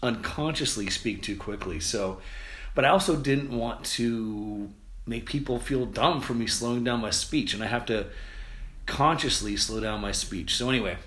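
An American man hosting a podcast, talking casually and quickly, rambling with restarts and fillers. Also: medium pitch, a bit bright. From United States. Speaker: podcast host. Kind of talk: casual solo podcast monologue. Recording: roomy echo.

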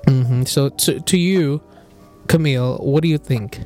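A man's voice: medium pitch, a little slow, a little mellow, soft background music. A young man hosting a podcast, animatedly telling a dream story with laughs, casual chat among friends. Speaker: podcast host.

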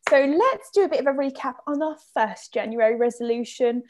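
A young woman in her twenties chats on her podcast in a high, bright voice. She is bubbly and theatrical and laughs easily. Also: lively intonation, fairly quick. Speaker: podcast co-host. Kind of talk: casual chat.

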